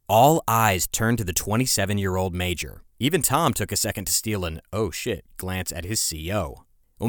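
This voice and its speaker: A man's voice: fairly low pitch, dry recording, clean studio sound. A man hosting a podcast, telling a history story in scripted narration with casual, conversational asides. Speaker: podcast host.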